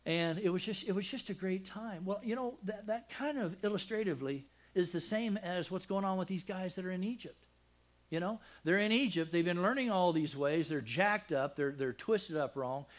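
An older man preaching a sermon, telling a personal family story with deep feeling, dropping to a hush and then rising loud, with many restarts. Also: moderate pace. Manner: emotional, swings from loud and high to hushed and soft; rambling with frequent restarts.

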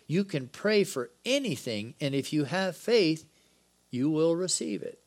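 A man's voice: on the high side, unhurried. A man preaching a Bible-study sermon in a conversational way, dropping joking asides between the scripture passages. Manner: reads scripture dialogue with lively emphasis.

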